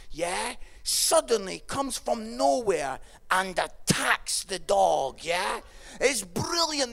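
A man's voice: gravelly, fairly bright tone. A man preaching a humorous sermon in a chatty way, often asking "yeah?" and acting out what people say. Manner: acts out quoted voices, dropping low for the kids and listeners.

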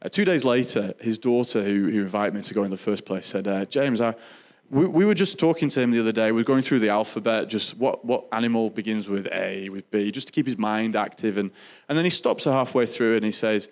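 Male speaker, earnest testimony delivery, somewhat low voice, halting with restarts. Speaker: Christian speaker sharing testimony. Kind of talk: personal testimony storytelling.

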